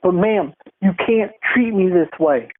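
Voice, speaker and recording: A young podcast host putting on a whiny, self-pitying male president who slowly pleads to be treated with respect, heard over a tinny phone-like line. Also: mid-range voice, expressive. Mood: pleading. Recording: tinny phone-like recording, faint hiss.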